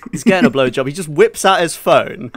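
A man's voice: fairly high pitch, animated, normal speed. A young man co-hosting a podcast in casual chat, laughing through his story as he tells it. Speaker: podcast co-host.

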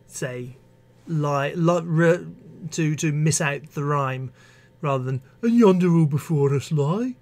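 A man who teaches English, reading poems aloud with expressive, measured delivery and breaking off into hesitant spoken asides. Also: mid-range voice. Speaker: English teacher hosting a live stream. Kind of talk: poetry reading with commentary.

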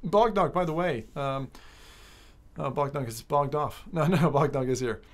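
A woman streaming a racing game, chatting casually with her viewers in an excitable, joking way, swearing often. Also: low voice, normal speed. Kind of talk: casual live-stream chat while gaming.

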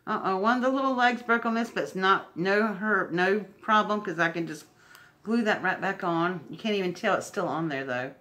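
A woman's voice: mid-range voice, normal speed, a bit bright. A woman unboxing craft mail at home, gushing and emotional. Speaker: crafting vlogger. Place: home indoors.

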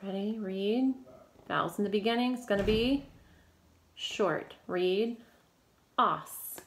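Lady teacher doing phonics drills, slow and clear, cheering kids on, bit of hiss behind. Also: medium pitch. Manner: encouraging, slow and clearly spoken prompting. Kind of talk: recorded reading lesson for children.

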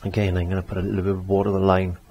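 A man's voice: low voice, monotone, very fast, mellow, slight background noise. A man giving a chatty step-by-step painting tutorial, repeating phrases as he works. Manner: chatty, repeats himself while working. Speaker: painting teacher.

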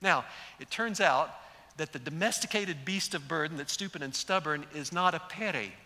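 A man's voice: fairly high pitch, normal speed, pushed and bright. A man preaching a sermon to a large gathering, telling the story with animation and acting out quoted speech. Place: large church sanctuary. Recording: echoey hall.

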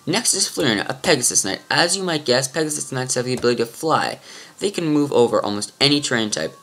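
A man's voice: medium pitch, a bit bright. Offhand male let's-play host. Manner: offhand, mumbling asides, trails off. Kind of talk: casual game commentary and reading tutorial text.

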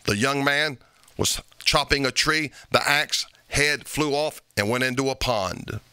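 A male pastor preaching a sermon, reading scripture aloud in old-fashioned wording and punching repeated phrases with sharp rises. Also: mid-range voice, measured pace, clear, resonant tone, no echo.

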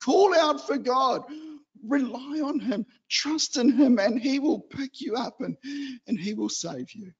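High-voiced man preaching chattily. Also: unhurried, breathy edge, muffled recording. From New Zealand. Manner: chatty and animated, acts out excited children. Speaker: lay preacher. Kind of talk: church exhortation. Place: church hall.

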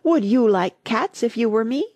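A woman voicing an indignant male mouse in a shrill, passionate, trembling voice. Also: sing-song, slightly rough, no echo. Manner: trembling, drawn-out outbursts.

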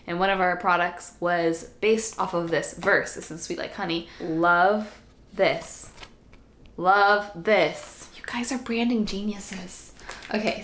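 A woman's voice: medium pitch, a bit bright. A young woman vlogging an unboxing, chatty and gushing, squealing over cute items. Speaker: YouTuber. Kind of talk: excited unboxing vlog. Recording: echoey room.

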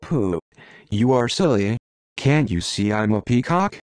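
A man's voice: mid-range voice, lively intonation, measured pace, darkish tone, no room sound, lightly acted. A man voicing a vain, hungry male jackdaw in a storybook, boastful and scornful.

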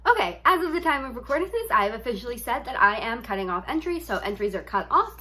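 A woman's voice: fairly high pitch, sing-song, fast talker, bright, forceful tone, slightly rough. A young woman chatting casually over her gameplay as a vlogger, rambling with lots of filler words. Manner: chatty, rambling, heavy use of "like". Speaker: gaming YouTuber.

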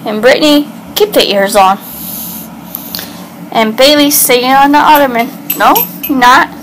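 A woman's voice: high-pitched, unhurried, a bit bright, a little hiss or hum, low-quality recording. A woman hosting a playful pet vlog at home, asking her dogs questions in sing-song baby talk. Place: home room with an ottoman.

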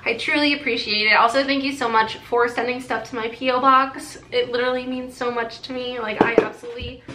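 A woman's voice: fairly high pitch, fairly even intonation, a little fast, bright, forceful tone. A young woman gushing and laughing as she unboxes gifts in a casual vlog. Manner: bubbly, gushing, laughs often. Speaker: beauty vlogger. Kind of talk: excited haul unboxing chat. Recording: echoey room, faint noise.

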